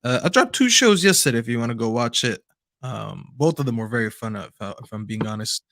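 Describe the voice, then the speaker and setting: A man's voice: medium pitch, expressive, a little fast, fairly bright tone, no room sound, studio quality. A man co-hosting a casual football podcast, easygoing and thinking aloud. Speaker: co-host, streamer.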